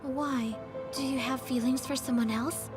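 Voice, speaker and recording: A woman's voice: high-pitched, steady tone, a little slow, over music. A young woman dubbing a jealous, clingy female student in an English drama dub. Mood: hopeful, hurt. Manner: emotional, pleading. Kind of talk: dubbed drama acting.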